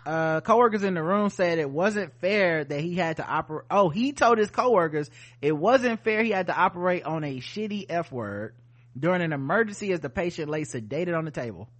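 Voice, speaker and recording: A male podcast co-host reads out news items and riffs on them in loose, casual chat. His voice sits high and swings widely in pitch, full of animation. The tone is bright and forward. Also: animated, fairly quick.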